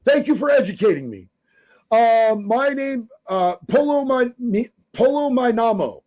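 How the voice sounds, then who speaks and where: A man's voice: very high-pitched, expressive, measured pace, darkish tone. A man from Oregon reading viewer comments on a live stream, fiery, profane and emphatic.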